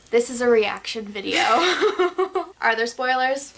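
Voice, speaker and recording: A young woman with a bright, slightly high voice talks casually and excitedly in a video chat with a friend. She giggles a lot and often stops and restarts her sentences. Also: measured pace, vocal fry. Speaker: book vlogger.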